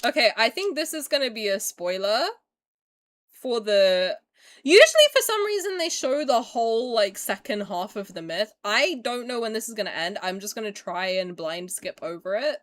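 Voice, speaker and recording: A young woman streaming a casual reaction to a game trailer, excitable and loud and swearing freely, talking into a desk mic. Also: on the high side, moderate pace. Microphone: desk mic while seated at a computer.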